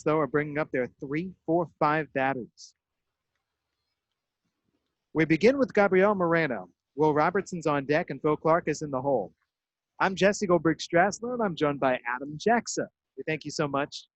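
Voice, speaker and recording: A man doing baseball play-by-play with crisp, measured delivery and dramatic emphasis on outs. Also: a little high, dry recording. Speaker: play-by-play broadcaster. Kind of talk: radio-style baseball play-by-play.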